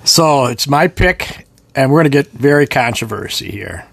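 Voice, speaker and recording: A man's voice: mid-range voice, expressive, moderate pace, vocal fry, slight background noise. A man co-hosting a casual movie podcast, laid-back and joking. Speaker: podcast co-host.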